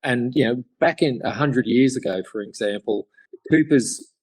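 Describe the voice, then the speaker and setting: A man's voice: mid-range voice, moderate pace, darkish tone, husky, dry recording. A middle-aged Australian man telling stories in a podcast interview, rambling with many fillers and restarts. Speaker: guest chairmaker.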